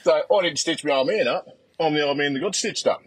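A man's voice: a little high, fast talker, slightly rough. An Australian man from northern New South Wales, a father, calling in with a crude, self-mocking story. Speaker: caller, father. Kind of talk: phoned-in anecdote.

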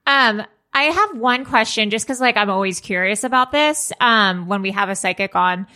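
Woman host, high bright voice, curious eager questions, casual chat. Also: lively intonation, normal speed.

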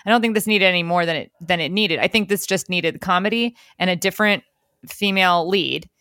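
A young woman co-hosting a casual podcast chat, animated and laughing often, with lots of fillers. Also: fairly low pitch, a little fast, no echo, studio quality. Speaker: podcast co-host.

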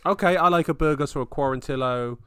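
A man co-hosting a casual fight podcast, excitable, laughing often and swearing freely. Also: on the high side, fast, smooth, dry recording, clean studio sound. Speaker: podcast co-host.

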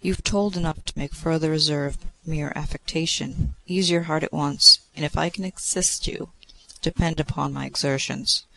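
A man reading aloud, voicing a playful young male god of love who teases and prods with quick exclamations. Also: on the high side, creaky, sharp tone, no room sound, low-quality recording. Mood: teasing.

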